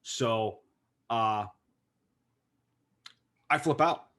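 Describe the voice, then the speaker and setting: Pittsburgh man, podcast co-host, animated rambling storyteller, middle-pitched voice. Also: drawn-out words. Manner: rambling, animated, lots of "like" fillers. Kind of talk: casual storytelling chat.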